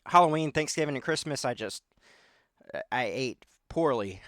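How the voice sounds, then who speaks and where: A man's voice: medium pitch, expressive, normal speed, a bit bright, no room sound, studio quality. A man hosting a podcast in casual chat, rambling and self-deprecating, with lots of fillers. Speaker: podcast host.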